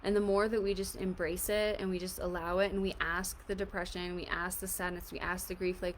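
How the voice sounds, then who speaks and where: A woman coaching an emotional tapping exercise in a gentle, reassuring, casual way, often saying "like". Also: medium pitch, fairly even intonation, brisk, hardly any pauses, a little hiss or hum. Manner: casual, fills speech with "like". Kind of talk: guided tapping session.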